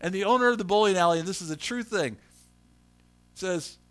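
A middle-aged pastor preaches briskly in a voice that sits high. His sermon unfolds as storytelling, and he animatedly acts out how each person in his tales speaks.

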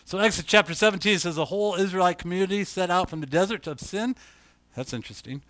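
Pastor, male, fairly high voice, talky sermon, reads scripture aloud and gets loud on key points. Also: quick pace, no echo. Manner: conversational preaching, rising to loud emphasis, reads scripture aloud.

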